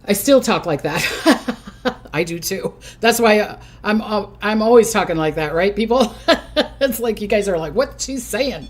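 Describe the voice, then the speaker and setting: A woman's voice: medium pitch, normal speed. An older woman hosting a casual psychic livestream from her recliner at home, chatty and hyper, often giggling. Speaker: psychic host.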